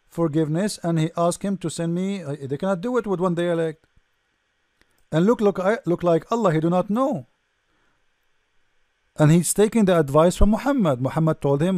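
Man, high voice, dry sound, sarcastic lecturer, english, rhetorical questions. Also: darkish tone, no room sound. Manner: non-native English grammar. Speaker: religious debate speaker. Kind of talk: lecture-style commentary.

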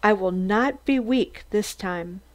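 A woman reading the part of a male detective who murmurs with quiet resolve. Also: medium pitch, slow, natural voice. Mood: resolute. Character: determined male detective resisting weakness.

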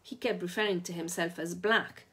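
Husky low-voiced woman reading a story. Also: steady tone, normal speed, fairly bright tone. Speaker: reader.

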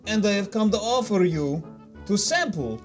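A man voicing a formal trade envoy who smiths goo, speaking haltingly with many fillers in an improvised comedy scene. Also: sits high, lively intonation, faint music behind. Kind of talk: improv comedy role-play.

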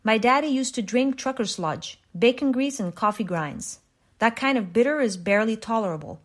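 A woman doing a calm, dry old farmer. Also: a little high. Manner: calm, unhurried, dryly amused. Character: calm, gently wry older male farmer.

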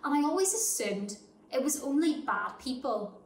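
A woman's voice: high-pitched, lively intonation, moderate pace. Woman doing an indignant church monologue, echoey hall, faint hiss behind. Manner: indignant, questioning delivery. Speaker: speaker in a church service.

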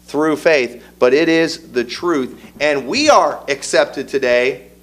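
A pastor delivers a sermon in a somewhat high male voice. He talks like a storyteller, folksy and easygoing, then builds emphasis as he drives his message home in a church service. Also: slow pace.

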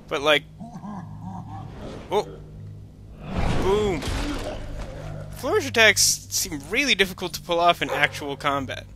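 A man's voice: on the high side, a little slow, long pauses, over music. A man giving rambling, jokey commentary while playing a video game, full of sarcastic asides. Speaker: let's-play commentator. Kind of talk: casual gameplay commentary.

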